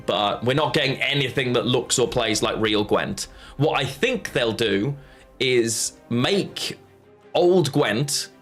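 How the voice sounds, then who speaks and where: A man's voice: medium pitch, a bit bright. A man chatting casually on a live stream while playing a card game, rambling and answering his chat.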